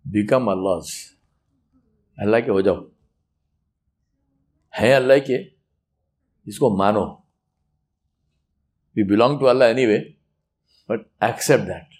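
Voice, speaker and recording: A man giving a religious talk, emphatic and animated, acting out little quoted scenes. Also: medium pitch, brisk, pauses often. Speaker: preacher.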